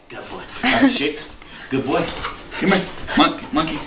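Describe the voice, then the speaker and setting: A man back from the army talking softly and lovingly to his dog, giving gentle commands. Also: very animated, moderate pace, pauses often. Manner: soft, low, coaxing commands. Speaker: returning soldier. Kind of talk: affectionate talk to a dog. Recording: muffled echoey home video with noise.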